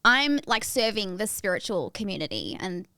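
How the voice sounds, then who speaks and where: A young adult woman, a psychic medium guest, chatting in a loud, chirpy and blunt way and laughing often. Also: mid-range voice, wildly swooping pitch, normal speed, clear, resonant tone, dry recording. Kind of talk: casual interview chat.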